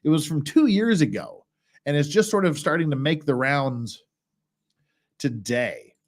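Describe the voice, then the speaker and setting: A man's voice: a little high, big pitch swings, measured pace. A man hosting a casual live stream about legal cases, reading out documents and adding blunt, wry remarks in a rambling way. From United States. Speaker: legal commentary host. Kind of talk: casual livestream commentary.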